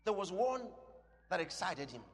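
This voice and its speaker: Impassioned preacher man, booming hall. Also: sing-song, moderate pace, husky. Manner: impassioned, swinging from loud shouts to low asides. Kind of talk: sermon. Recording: long hall reverb.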